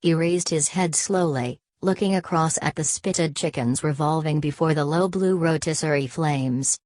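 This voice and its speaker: A woman reading a novel aloud as an audiobook narrator, voicing every character in one steady voice. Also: sits low, moderate pace, no room sound. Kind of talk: scripted narration.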